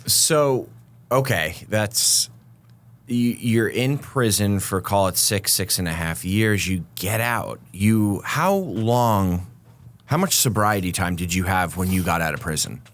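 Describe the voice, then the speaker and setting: A man hosting a podcast, asking questions in a halting way and rephrasing as he goes. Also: fairly low pitch, expressive. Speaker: podcast host. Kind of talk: interview questions.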